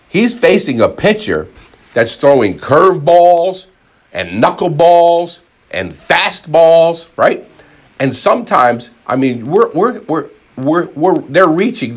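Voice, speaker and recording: Man, preacher, husky voice, lively swinging pitch, rambling sermon, repeats himself. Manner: rambling, repeats words, restarts often; animated, acts out crowd voices.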